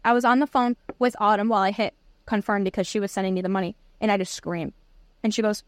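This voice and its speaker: A young woman co-hosting a podcast, telling a story in an excited, rambling way in casual chat. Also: medium pitch, fast talker, no room sound. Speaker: podcast co-host.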